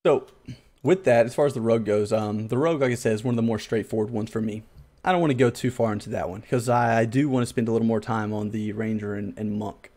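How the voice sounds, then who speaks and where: A man's voice: on the low side, quick pace, a little mellow. A man hosting a casual gaming podcast, thinking aloud in a loose, rambling, self-deprecating way. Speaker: podcast host.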